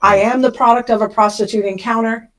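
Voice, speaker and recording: A middle-aged woman from Kansas, a podcast guest telling a personal story with emotion, rushing when she relives the panic. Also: on the high side, steady tone, a bit bright, poor audio.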